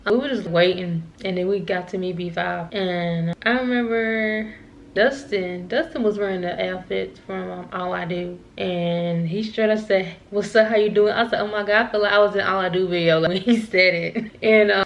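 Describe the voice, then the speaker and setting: A woman's voice: medium pitch, normal speed, lo-fi sound. A young woman vlogger telling a casual storytime, rambling and repeating herself, laughing at herself now and then.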